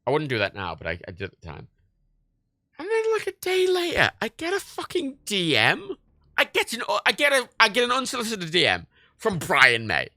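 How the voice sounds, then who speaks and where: Animated man with a gravelly voice. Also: sits high, normal speed, no room sound, clean studio sound. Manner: animated storytelling, swears a lot, laughs often. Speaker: livestream host. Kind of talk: casual livestream chat.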